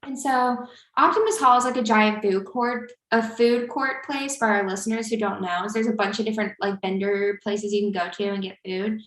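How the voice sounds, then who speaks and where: A woman's voice: medium pitch, a little fast, few pauses, a bit bright. A young woman co-hosting a podcast, telling a story in casual chat with lots of fillers along the way. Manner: rambling, filler-heavy storytelling. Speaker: podcast co-host. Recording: roomy echo.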